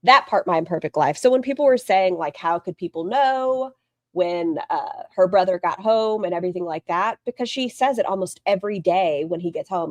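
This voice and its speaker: A woman's voice: fairly low pitch, animated, normal speed, no echo. A woman streamer giving blunt, mocking, profane commentary while she watches another stream and reads chat. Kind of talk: casual commentary.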